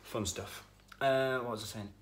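A man's voice: mid-range voice, fairly even intonation, normal speed, a little hiss or hum. A man chatting casually in a vlog about dog training, blunt and swearing when frustrated. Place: outdoors in a field with dogs.

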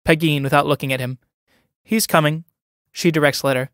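A man calmly reading out the stage directions of a play. His voice is somewhat high for a man, and the recording is dry and close with no room sound. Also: quick pace, no echo. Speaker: reader.

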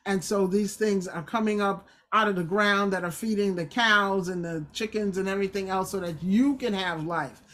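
Woman, Bible study teacher, conversational, emphatic, mid pitch. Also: normal speed, hardly any pauses, fairly bright tone. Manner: conversational, emphatic, acts out quotes.

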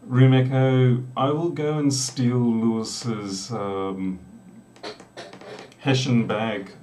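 A middle-aged South Australian man rambles with jokey asides as he live codes on stream. His medium-pitched voice is warm and steady, with drawn-out words; there's slight hiss or hum, and a distant mic captures his small, echoey room with a door.

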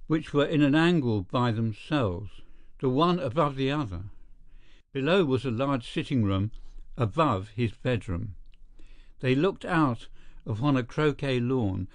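A man's voice: mid-range voice, dry recording. Man narrating steadily, dry close sound. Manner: steady, measured storytelling. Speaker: audiobook narrator. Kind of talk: scripted narration.

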